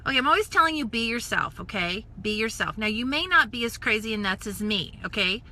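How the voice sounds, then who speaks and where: A very bright, fairly high female voice telling a story live, lively and chatty. She plays out the voices of the people in her story and now and then drops to a whisper for an aside. A casual coaching stream, recorded on a phone or webcam. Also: fairly quick. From United States. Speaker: network marketing coach.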